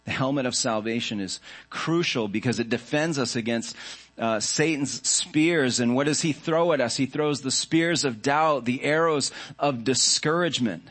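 A man preaching a sermon as a pastor, earnest and reflective, with measured phrasing. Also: mid-range voice, a bit bright.

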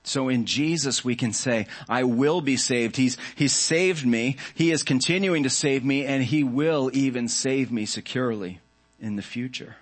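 A male pastor delivering a sermon in a mid-pitched voice. He speaks earnestly and reflectively, with measured, unhurried phrasing. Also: slightly rough.

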